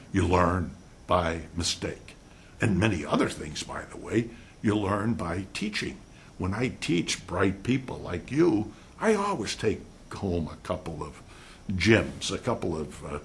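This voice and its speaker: Animated older man lecturing on law. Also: low-pitched, slight background noise. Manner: animated, rhetorical, mimics lawyer talk. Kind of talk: classroom lecture. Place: lecture room.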